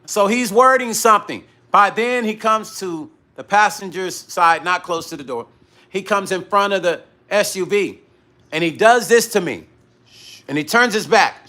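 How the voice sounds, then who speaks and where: A middle-aged man's voice sits high and bright as he hosts his own live stream. He tells the story casually and animatedly, acting out what people said and swearing freely. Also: moderate pace. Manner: animated retelling that acts out dialogue, with frequent profanity. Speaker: musician hosting his own live vlog.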